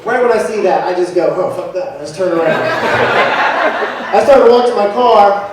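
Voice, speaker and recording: A man's voice: high voice, fairly quick, very noisy. A young man doing a profane, self-mocking stand-up comedy set into a handheld microphone. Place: comedy venue in front of a live audience. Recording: echoey room taped from far off, with crowd. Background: audience laughter and heckling.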